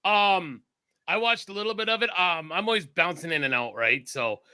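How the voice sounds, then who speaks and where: A man from Texas co-hosts a casual podcast. His fairly high voice has a very bright, sharp edge. He rambles and swears freely as he chats. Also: normal speed, clear, resonant tone. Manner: rambling, animated, swears a lot. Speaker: podcast co-host.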